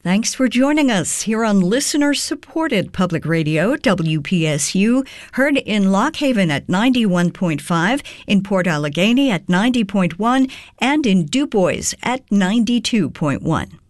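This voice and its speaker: A woman announcing for a public radio station, reading a smooth script. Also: medium pitch, sing-song, measured pace, no echo, studio quality.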